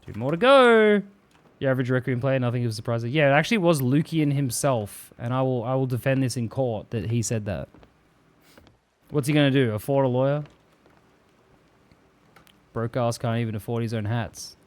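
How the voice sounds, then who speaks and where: A man's voice: medium pitch, brisk, pauses often, a little mellow. Profane, joking male streamer. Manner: profane, joking, reads viewer messages aloud. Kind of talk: casual live-stream chat.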